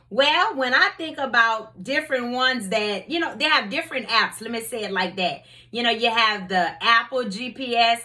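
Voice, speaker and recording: A woman's voice: a little high, bright, forceful tone. A woman hosting her own faith talk show, reading scripture and telling everyday stories in a conversational way. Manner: conversational, storytelling, many "you know"s. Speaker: host.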